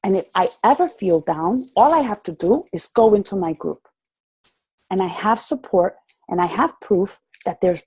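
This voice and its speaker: Woman, 30s, passionate group leader on a call. Mellow, slightly husky tone, dry close sound. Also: mid-range voice, no echo, rough recording. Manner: passionate, preacherly, acts out dialogue. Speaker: group leader speaking to her members. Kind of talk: motivational talk on a group call. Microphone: call audio.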